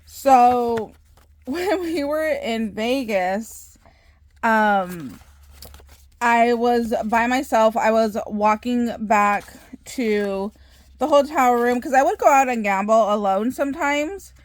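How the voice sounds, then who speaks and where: A woman hosting a craft channel, telling a story in a chatty, animated way with frequent laughs and filler words. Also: a little high, slow, no room sound. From Southern California. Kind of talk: casual storytelling vlog.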